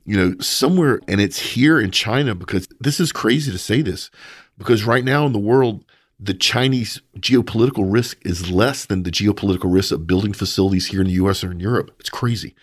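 Male podcast host, lowish voice, punchy and opinionated, dry close sound. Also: fairly quick, no echo. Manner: opinionated, animated, mocking asides. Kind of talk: casual news commentary.

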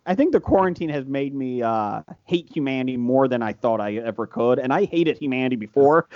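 A man's voice: mid-range voice, lively intonation, a little fast, no room sound. A man from the Cincinnati area co-hosting a podcast, telling stories in casual chat, swearing and laughing as he goes. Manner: storytelling, swears, laughs through his talk. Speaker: podcast co-host. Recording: dry, dull lo-fi sound.

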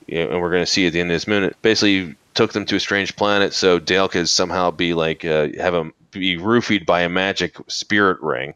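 A man hosting a casual movie podcast, rambling and halting, with many fillers and restarts. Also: deep voice, fairly bright tone, smooth, no room sound, highs cut off. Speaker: podcast host.

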